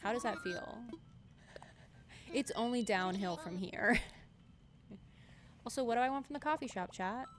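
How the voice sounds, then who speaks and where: This young woman's voice is a little high and a little slow, with long pauses as she chats casually on a gaming stream. Giggly, she reads chat aloud while game music is clearly audible behind her.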